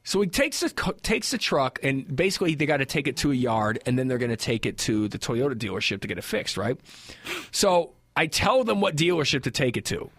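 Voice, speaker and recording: A young adult man co-hosting a casual podcast, telling a story with lots of swearing and quick imitations of the people he talks about. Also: mid-range voice, no echo, studio quality. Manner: animated storyteller, swears a lot, mimics people he quotes. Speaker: podcast co-host. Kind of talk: casual crude banter and storytelling.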